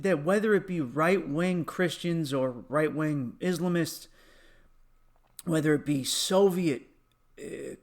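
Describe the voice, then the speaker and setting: A man with a high voice hosts a solo comedy podcast, ranting in a loose, profane stream and cracking himself up along the way. He sniffles now and then from allergies, veering between bursts of mock outrage and muttered asides. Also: a bit bright. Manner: profane, ranting, laughs at own jokes.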